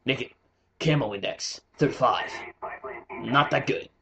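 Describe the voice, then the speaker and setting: A young man giving casual, excitable commentary while playing a shooter game, swearing and joking. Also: mid-range voice, unhurried, gravelly, a little hiss or hum. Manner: excitable, swearing, jokey outbursts. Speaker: gaming commentator.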